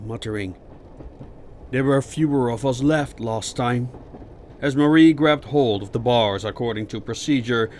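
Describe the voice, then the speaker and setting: A man reading an audiobook in a measured, dramatic narration. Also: mid-range voice, a little hiss or hum. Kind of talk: scripted narration.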